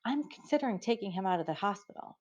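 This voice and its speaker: A woman voicing a worried middle-aged farmer's wife, flustered, with her pitch rising as she talks. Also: lively intonation, fast talker, a little mellow, natural voice. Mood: fretful. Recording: dull lo-fi recording.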